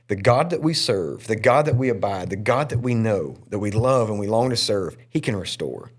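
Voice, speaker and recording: Animated, earnest male pastor. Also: normal speed, few pauses, slightly rough. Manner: earnest and emotional, with lively pitch swings. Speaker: pastor and podcast host. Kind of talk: candid personal storytelling in a podcast chat.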